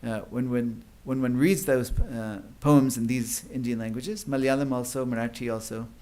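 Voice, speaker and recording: A man's voice: mid-range voice, fairly even intonation, normal speed, darkish tone. A man giving an academic lecture at a conference. He explains at length, with many fillers and restarts. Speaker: conference speaker.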